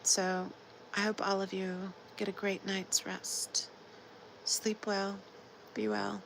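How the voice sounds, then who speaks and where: A tired woman with a sore, scratchy throat chatting casually on a late-night livestream, drifting into soft whispers. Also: medium pitch, sing-song, slow, creaky. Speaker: livestream host.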